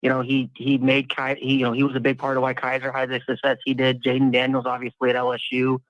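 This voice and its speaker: A man's voice: mid-range voice, monotone, fast talker, no echo, highs cut off. A man in casual sports talk, analyzing football at length with frequent restarts.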